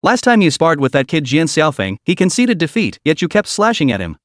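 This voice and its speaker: A man's voice: fairly high pitch, huge pitch swings, fairly quick, dry recording, studio quality. A man voicing a stern boastful old sect elder. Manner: scolding, conspiratorial.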